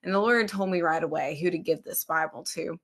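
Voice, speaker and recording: Female podcast host, lowish voice, soft and reflective, casual faith chat. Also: brisk. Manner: reflective, soft, searching for words.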